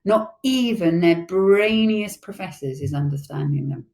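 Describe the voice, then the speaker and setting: A woman's voice: fairly low pitch, animated, a little slow, darkish tone. A woman voicing a kindly old male giant from a storybook who talks in odd, broken grammar. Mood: whimsical.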